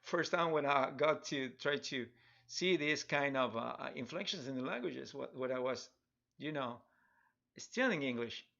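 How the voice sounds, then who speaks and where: A man's voice: mid-range voice, unhurried, gravelly, bright, forceful tone. A middle-aged man with a Spanish accent, chatting casually and rambling with chuckles while streaming a drawing tutorial. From Spanish-speaking country. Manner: rambling, chuckling, many restarts and fillers. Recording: dull lo-fi live-stream audio.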